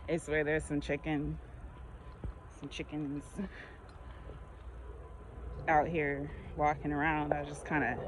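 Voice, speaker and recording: A woman's voice: low voice, flat delivery, slow, long pauses, slight background noise, low-quality recording. A woman vlogger chatting casually while walking outdoors, rambling through her stories and laughing often. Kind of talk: casual chat.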